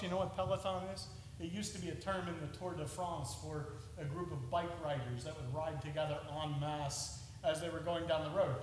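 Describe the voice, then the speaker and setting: A man preaching a sermon in a chapel, conversational and animated, with jokey asides. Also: a little high, a little hiss or hum. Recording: long reverb of a large chapel.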